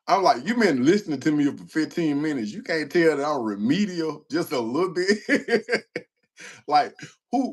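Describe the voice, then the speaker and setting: A man hosting a casual livestream, telling stories with a self-mocking, slangy manner and laughing often. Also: a little high. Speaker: livestream host. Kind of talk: casual livestream chat reading comments.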